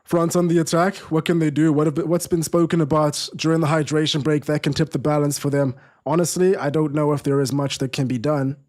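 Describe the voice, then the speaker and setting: A man's voice: a little high, little pitch movement, brisk, a little mellow. A man hosting a live football watchalong stream, chatting casually, restarting sentences and reading viewer comments aloud.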